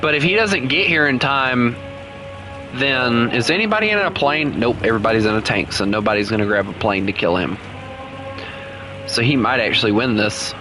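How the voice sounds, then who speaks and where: A man's voice: mid-range voice, expressive, normal speed, music in the background. A man casually commenting on his own gameplay while streaming, chatty and laughing often as he talks to himself. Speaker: gaming streamer. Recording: noisy game audio underneath.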